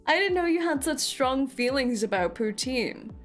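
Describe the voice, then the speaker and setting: A woman's voice: high voice, expressive, moderate pace, soft background music. A young woman streaming live, chatting with her viewers in a playful, theatrical, teasing way. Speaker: VTuber streamer.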